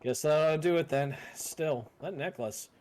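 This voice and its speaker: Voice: medium pitch, unhurried. A streamer chatting casually and joking with heavy swearing while playing a video game. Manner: swears freely, joking, animated. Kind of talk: casual gaming chat.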